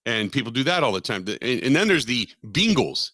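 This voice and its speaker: A man's voice: medium pitch, big pitch swings, normal speed, sharp tone, dry recording, studio quality. A man from Southwestern Ohio hosting a sports radio show, rambling in casual chat and repeating himself with self-deprecating asides. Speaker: radio sports talk host. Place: radio studio.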